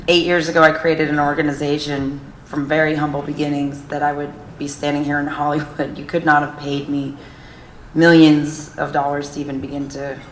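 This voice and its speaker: A middle-aged woman giving an emotional gala speech as a charity founder, earnest, with nervous fillers. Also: sits low. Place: large hotel ballroom. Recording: echoey event hall, faint room noise.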